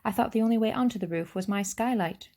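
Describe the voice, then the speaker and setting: A woman's voice: mid-range voice, fast talker, dark tone, pitched above the performer's own voice, natural voice. A woman voicing a stubborn young girl who fires off raised, pressing questions. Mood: indignant.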